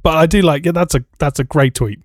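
A man's voice: fairly high pitch, fast, dry recording, clean studio sound. A man co-hosting a podcast in casual chat, giving his opinions in a rambling way. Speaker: podcast co-host.

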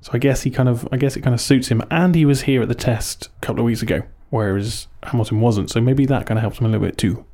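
A man's voice: mid-range voice, fast, few pauses, dark tone. A man co-hosting a casual chat podcast, chatty and teasing, often tagging rhetorical questions. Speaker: podcast co-host. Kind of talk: casual chat about motor racing.

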